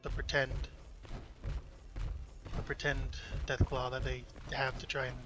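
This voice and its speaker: A man's voice: mid-range voice, monotone, measured pace, over music. A man casually commenting on his own gameplay, rambling and muttering to himself with plenty of swearing. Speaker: let's play host. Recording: noisy gameplay recording.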